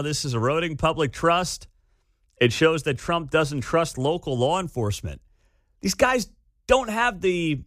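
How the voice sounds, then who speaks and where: A man's voice: on the high side, fairly bright tone, no echo. A man hosting a talk radio show, delivering an opinionated monologue with an incredulous, sarcastic edge. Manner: incredulous, sarcastic, laughs at the absurdity. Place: radio studio. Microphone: studio microphone.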